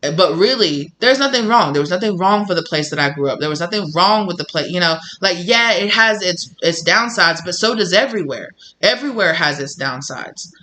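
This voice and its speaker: A man with a Southern US country accent talks in a loose personal monologue, circling back and repeating himself. His voice is bright and pitched a little high. He slips into quoted dialogue as he tells his story. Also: expressive, fairly quick, hardly any pauses, a little hiss or hum. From Southern United States. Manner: rambling, repeats himself, acts out quoted conversations. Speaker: tarot channel host.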